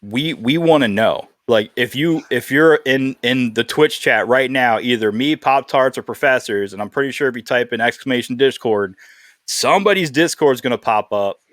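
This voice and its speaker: A man's voice: mid-range voice, no room sound, clean studio sound. Earnest man hosting a podcast. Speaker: podcast host. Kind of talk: casual podcast chat.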